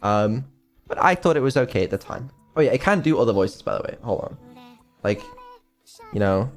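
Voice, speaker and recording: A man's voice: mid-range voice, expressive, moderate pace. Mumbly offhand man streaming. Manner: rambling, offhand and swearing, lots of ums. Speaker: streamer and developer. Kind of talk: casual stream chat.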